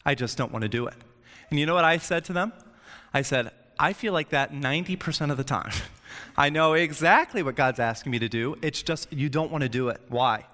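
A man's voice: fairly high pitch, fairly quick, bright, forceful tone. A man giving a casual, joking sermon, often checking in with his listeners. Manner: chatty, joking, keeps asking "right?". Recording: long hall reverb.

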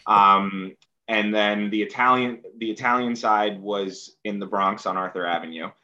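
Hesitant New man, low voice. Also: fairly even intonation, normal speed, sharp tone, highs cut off. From New York City. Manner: hesitant, lots of fillers and restarts. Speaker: podcast guest. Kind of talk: casual conversation.

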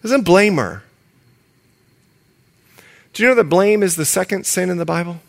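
A man preaching a sermon in an animated way, talking straight to his congregation and slowing down softly for scripture. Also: sits high, gravelly. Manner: animated, reads scripture slowly and softly, addresses the congregation directly.

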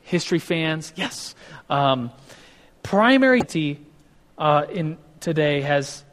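A man's voice: on the high side, big pitch swings, slow, fairly bright tone, slight background noise. Man preaching in a reverberant hall. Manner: conversational, with many restarts and acted-out quotes. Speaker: pastor. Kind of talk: casual teaching sermon.

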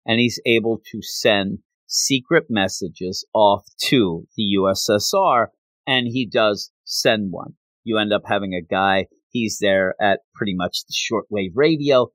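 A man casually retelling a comic book story in a chatty, animated way, acting out the scenes as he goes. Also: lowish voice, dry recording.

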